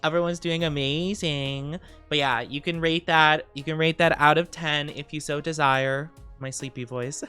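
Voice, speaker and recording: A young adult woman streaming live, chatting casually and greeting viewers by name, a little tired and quick to giggle. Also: deep voice, steady tone, fairly bright tone, clean tone, soft background music. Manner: chatty, reads viewer comments aloud and greets them, giggly.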